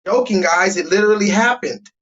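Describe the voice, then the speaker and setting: Man, high voice, livestream host, loud profane ranter, dull lo-fi home audio. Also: fairly quick. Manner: loud, blunt and profane, talking straight to chat.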